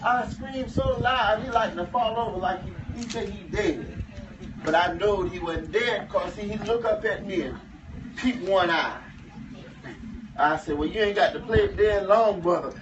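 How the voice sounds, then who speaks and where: A wry, folksy enslaved man in his thirties spins a funny tale in dialect speech, chuckling as he goes, as a man acts him out. His voice sits high for a man. It comes from far off, dull and muffled with noise behind. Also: measured pace. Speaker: living history performer. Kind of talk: first-person historical storytelling to a live audience. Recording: muffled, distant, noisy live recording.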